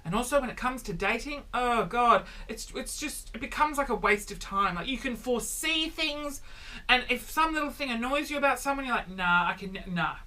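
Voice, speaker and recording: A man in his thirties delivering a comedic vlog monologue, animated and exaggerated, with sudden loud exclamations. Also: very high-pitched, a little fast. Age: 30s. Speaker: vlogger.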